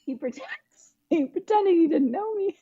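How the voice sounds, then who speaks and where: A woman's voice: very high-pitched, normal speed, phone-quality sound, a little hiss or hum. A woman on a casual podcast telling funny stories about her childhood, giggling as she goes. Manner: giggly, animated storyteller.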